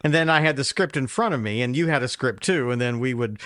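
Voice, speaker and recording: A man hosts a casual podcast chat in a wry, joking way. His voice sits at a middle pitch. The sound is dry and close, with no room around it. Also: fast, a bit bright, no room sound. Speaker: podcast host.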